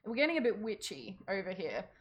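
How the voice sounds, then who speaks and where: A woman co-hosting a podcast, telling a folklore story in a giggly, animated casual chat. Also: mid-range voice, fairly quick. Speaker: podcast co-host.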